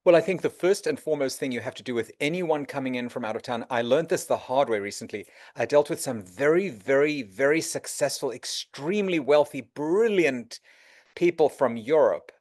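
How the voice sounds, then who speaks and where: A middle-aged man speaking as an interview guest, giving advice and acting out quoted exchanges. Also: normal speed. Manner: animated, acts out quoted dialogue with shifts in pitch. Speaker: interview guest, real estate executive.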